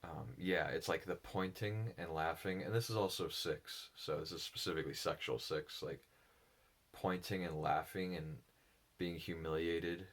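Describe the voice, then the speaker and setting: Low, slow, reflective man. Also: steady tone. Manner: halting, thoughtful, with pauses and restarts. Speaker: solo speaker on personality psychology.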